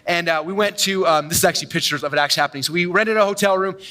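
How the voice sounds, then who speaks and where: A man giving an energetic, boastful keynote talk on stage to a large audience, telling stories with quick asides. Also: sits high. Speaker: conference speaker. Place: large event hall on stage.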